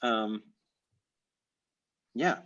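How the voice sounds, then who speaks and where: A man's voice: mid-range voice, drawn-out words, fairly bright tone, lo-fi sound. A man teaching a live online language class over a video call, explaining step by step with many "uh"s and "um"s. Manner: explanatory, with frequent "uh" and "um".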